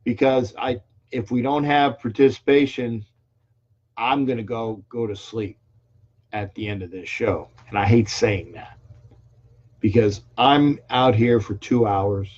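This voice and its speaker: A man's voice: medium pitch, fairly even intonation, unhurried, darkish tone. An older man hosting a casual call-in sports talk show, chatty and rambling, often restarting his sentences. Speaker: radio call-in show host. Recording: dull lo-fi stream audio.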